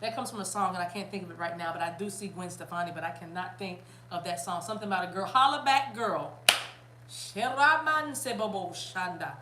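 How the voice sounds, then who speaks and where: A chatty, animated woman from South Carolina, giving a casual spiritual reading to her viewers. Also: lowish voice, rapid-fire, few pauses, echoey room, a little hiss or hum. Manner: animated, chatty, bursts into laughter and song. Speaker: spiritual reader.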